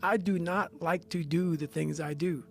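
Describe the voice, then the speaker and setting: Gravelly high-pitched man, intense and profane. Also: fairly even intonation, unhurried. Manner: intense, profane, hammering repetition. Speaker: motivational speaker. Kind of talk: motivational talk. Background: faint music.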